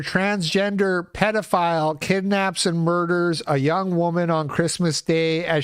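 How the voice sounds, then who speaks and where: A man hosts his own commentary show, talking casually and slipping into sarcastic rants. His voice sits a little high for a man, and he takes his time over his words. The sound is dry and close. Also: fairly even intonation, measured pace, hardly any pauses, clear, resonant tone, dry recording. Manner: ranting, sarcastic. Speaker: show host.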